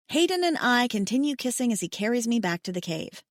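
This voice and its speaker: A woman narrating a first-person romance audiobook in an expressive, intimate manner. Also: on the high side, brisk, dry recording, studio quality.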